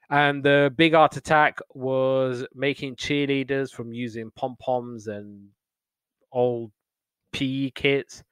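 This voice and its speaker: A young man hosts a casual podcast chat, rambling through memories of old TV shows and slipping into playful quoted voices. His voice is smooth and resonant, recorded dry and close with no room sound. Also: medium pitch, fairly bright tone, dry recording.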